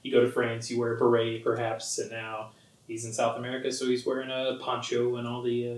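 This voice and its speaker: Man, mid-pitched voice, wry casual podcast talk, echoey room, a bit off the mic. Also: completely flat delivery, a little fast, recorded from a distance. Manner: dry, wry remarks with many "like" fillers. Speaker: podcast co-host. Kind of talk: casual chat about a film. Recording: roomy sound from off the mic.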